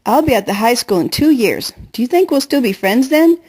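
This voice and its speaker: Brief: woman voicing a bright, chatty, teasing girl with a higher, lively voice. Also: husky. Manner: fast bubbly chatter, teasing. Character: chatty playful girl, confident best friend. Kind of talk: audiobook character voice.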